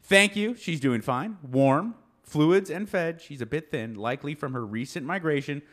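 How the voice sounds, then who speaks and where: An animated man telling a story in casual chat, his voice sitting a little high and swinging widely in pitch. He acts out the people he quotes. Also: normal speed. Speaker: podcast co-host telling a story.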